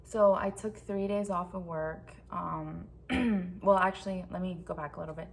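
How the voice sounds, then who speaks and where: A woman's voice: fairly low pitch, normal speed, gravelly. A young woman telling a personal story to her camera in a rambling, frank, profane way, filling her talk with "like". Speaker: vlogger. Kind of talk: casual storytime vent.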